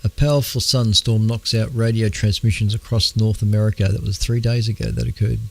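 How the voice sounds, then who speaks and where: An Australian man hosting an astronomy radio show, talking in a halting, casual way with many fillers, clearing his throat as his voice wears out. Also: on the low side, flat delivery. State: losing his voice. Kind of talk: casual astronomy news talk.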